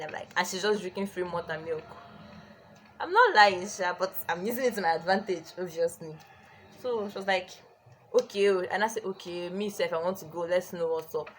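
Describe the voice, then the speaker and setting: A young woman telling a storytime on her vlog, chatty and animated with many "like"s. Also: on the low side, a little hiss or hum. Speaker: vlogger.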